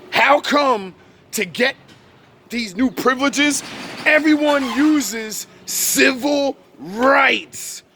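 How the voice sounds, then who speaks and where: A man ranting heatedly to camera from his car, swearing often and raising his voice to shouts. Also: high voice. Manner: angry, swearing, rising to shouts. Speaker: vlogger. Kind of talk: heated profane rant.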